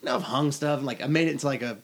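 A man's voice: medium pitch, racing. A young man hosting a podcast, telling a story in a rambling, casual way full of fillers. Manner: rambling, laughing, heavy on fillers. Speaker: podcast host.

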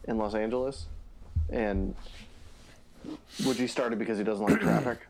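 A young man talks in a relaxed, everyday middle-pitched voice as he retells something he heard. He swears offhandedly and slips in quoted lines while keeping an easy pace. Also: moderate pace, a little hiss or hum. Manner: loose storyteller, swears casually. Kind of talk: casual podcast chat.

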